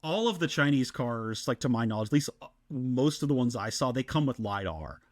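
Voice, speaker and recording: A man, co-hosting a casual podcast and telling stories in an excited, animated way with many restarts. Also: medium pitch, brisk, no room sound. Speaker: podcast co-host.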